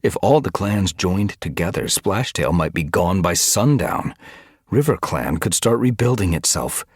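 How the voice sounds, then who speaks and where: A man narrating an animal adventure audiobook in an expressive storytelling manner. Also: deep voice, measured pace, breathy edge, no room sound, studio quality. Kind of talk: scripted narration.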